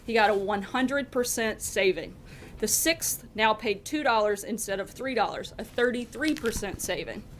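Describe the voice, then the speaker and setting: A woman narrating a story in a steady, storytelling manner. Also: fairly high pitch, normal speed, slight background noise.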